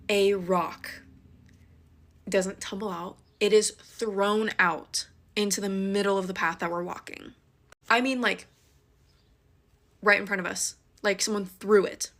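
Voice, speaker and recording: A young woman telling a personal story in a casual, animated way, racing through some parts and slowing down for emphasis, recorded close on a phone. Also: medium pitch. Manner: animated and dramatic, shifting between fast rushes and slow emphasis.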